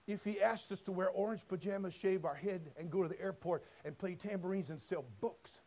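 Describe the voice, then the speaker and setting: A man preaching a sermon, folksy and direct, moving between quiet storytelling and loud shouted passages. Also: high-pitched, a little fast. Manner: folksy, addresses listeners as friend and brother.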